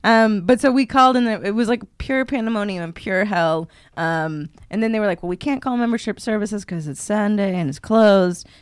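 A woman's voice: medium pitch, normal speed, few pauses, clean tone, dry recording, clean studio sound. A woman co-hosting a podcast, telling a story in casual chat and acting out quotes with lots of fillers. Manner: animated, acts out quotes with many fillers. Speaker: podcast co-host.

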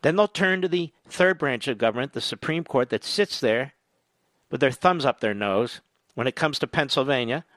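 A man's voice: medium pitch, animated, moderate pace, a bit bright, dry recording. A man hosting a talk radio show, delivering a combative, sarcastic political monologue that rambles from point to point.

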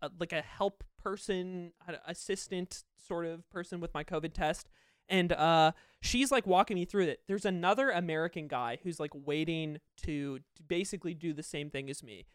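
A man co-hosting a podcast, telling stories in casual chat, animated and laughing often. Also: on the high side, moderate pace, clear, resonant tone, no echo, clean studio sound. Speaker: podcast co-host.

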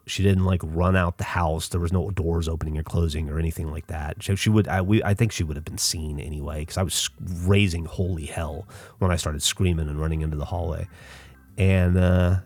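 A middle-aged Southern American man hosts a podcast, telling a personal story haltingly and casually, full of fillers, restarts and swearing. His voice sits low, and the recording is dry.

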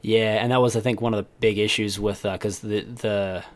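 A man's voice: fairly low pitch, little pitch movement, moderate pace, no echo. A man co-hosting a casual podcast, rambling and losing his train of thought as he chats. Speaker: podcast co-host. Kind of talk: casual chat.

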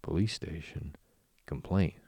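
A man's voice: a bass voice, level tone, measured pace, creaky, warm tone, no echo, clean studio sound, full character voice. A man voicing a dreamy, boastful male toad obsessed with motor cars, murmuring rapturously in a storybook reading. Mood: dreamy rapture.

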